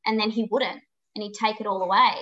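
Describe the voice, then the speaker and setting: A woman's voice: medium pitch, steady tone, quick pace, sharp tone. A woman, a podcast guest, telling her story candidly and emphatically, swearing freely and acting out what people said to her. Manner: frank and emphatic, swears freely, acts out her own past dialogue. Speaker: podcast guest, psychic medium. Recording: dull lo-fi audio.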